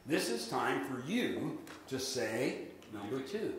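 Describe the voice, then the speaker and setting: Energetic man coaching an audience. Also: mid-range voice, slow. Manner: lively, drills the audience in call-and-response. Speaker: real estate sales trainer. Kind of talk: live seminar presentation. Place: large room with an audience. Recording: echoey hall with faint noise.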